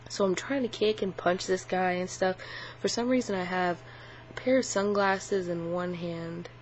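A woman's voice: on the low side, steady tone, normal speed. A woman in a casual vlog, talking in a rambling way with lots of fillers and swearing. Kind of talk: casual vlog retelling a dream. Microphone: built-in camera mic. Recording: dull lo-fi camera audio with faint hum.

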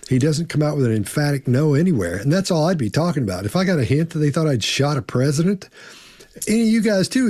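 A man's voice: a little high, lively intonation, brisk, a little mellow, dry recording. Guy on a podcast panel, gets emphatic, acts out how he'd deny it, dry sound. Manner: emphatic, acts out imagined denials. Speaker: body language analyst. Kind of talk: casual panel discussion.

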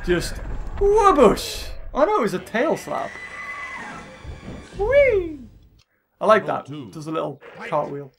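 A man doing jokey gameplay commentary as a let's play host, excitable and often shouting at the screen. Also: sits high. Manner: excitable and jokey, yelling at the game. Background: game music.

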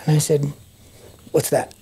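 A middle-aged man tells a personal story as a podcast guest. His voice is husky and mellow, and he acts out the people he quotes with animated changes of voice. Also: on the high side, measured pace. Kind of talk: storytelling testimony.

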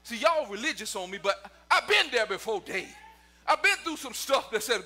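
High, bright-voiced shouting preacher. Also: male voice, big pitch swings, normal speed. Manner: preaching in rising shouts, near-sung cadences; talks to the congregation and online viewers. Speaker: pastor. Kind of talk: sermon.

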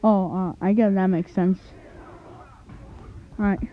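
A woman's voice: medium pitch, fairly even intonation, takes it slowly, a little hiss or hum, close to an everyday voice. A woman voicing a dim-witted male goblin villain pretending to be a hero, whiny and stammering, for a fan animation. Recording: tinny lo-fi home recording.

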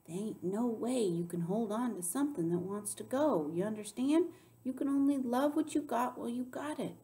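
A woman voicing a caring older woman who speaks slowly and firmly in a storybook read-aloud. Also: mid-range voice, big pitch swings, pitched above the performer's own voice, close to an everyday voice. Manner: slow, firm, gentle.

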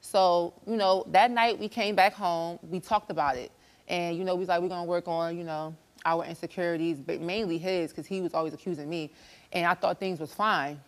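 A woman's voice: on the low side, brisk. A woman guest on a talk show, animatedly retelling a relationship fight on a studio stage. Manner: animated storytelling, acting out quarrels.

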